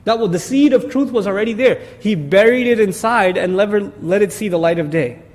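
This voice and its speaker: A man giving an explanatory religious lecture as a teacher, animated and emphatic, with sarcastic asides. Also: high-pitched, a little fast, long reverb tail. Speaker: Quran teacher.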